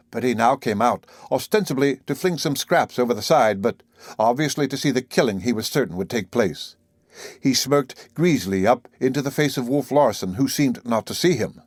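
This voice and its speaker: Brief: male audiobook narrator, mid-pitched, measured and dramatic, dry close mic. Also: dry recording. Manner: measured, dramatic first-person reading.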